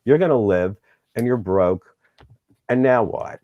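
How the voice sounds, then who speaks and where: A man's voice: medium pitch, lively intonation, measured pace, warm tone, no room sound, highs cut off. A middle-aged man, host of the show, candidly recounting a personal story in an interview and acting out the dialogue, sometimes getting emotional.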